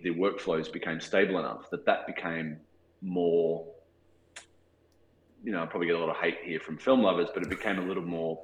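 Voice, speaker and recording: Australian man, forties, low voice, hesitant interview talk, roomy echo. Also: muffled recording. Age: 40s. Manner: thoughtful, hesitant, many restarts and fillers. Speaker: cinematographer guest.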